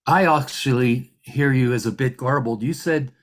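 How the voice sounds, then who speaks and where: A man acting as hearing examiner conducts a formal remote hearing. His medium-pitched delivery is measured and halting, peppered with frequent fillers.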